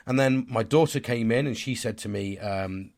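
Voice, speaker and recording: A man's voice: mid-range voice, normal speed, a little mellow. A man, talking in a casual, rambling vlog monologue. He swears constantly, sounds stressed and tired, and is hard on himself. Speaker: vlogger.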